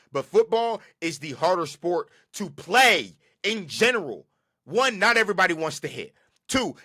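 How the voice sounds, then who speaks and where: A man's voice: high-pitched, pushed and bright. A man hosting a podcast, ranting about football in an emphatic, slangy way and repeating his points. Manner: slangy and casual. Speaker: podcast host. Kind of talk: solo football commentary.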